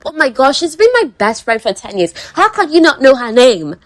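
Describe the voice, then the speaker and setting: A woman performs an excitable young Regency lady, gushing and breathless, her voice lifted well above normal. The sound is dry and close. She runs on with dramatic urgency. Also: high voice, fairly quick, no echo, voice pushed up.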